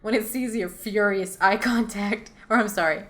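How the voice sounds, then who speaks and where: A woman's voice: medium pitch, moderate pace, fairly bright tone. A woman reading her own choose-your-own-adventure story aloud as host, racing through it and often laughing at her own lines.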